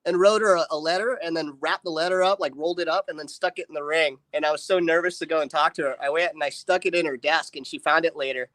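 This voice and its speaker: A man's voice: on the high side, fairly even intonation, fast talker, hardly any pauses, a bit bright, dry recording. A young man in casual live-stream chat, telling jokey stories and laughing often. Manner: jokey storyteller who laughs often and acts out phone calls.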